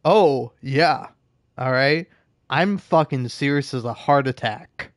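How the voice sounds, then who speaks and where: A man's voice: medium pitch, slow, no room sound, studio quality. A man giving profane, ranting gameplay commentary, often laughing at his own jokes. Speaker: gameplay streamer.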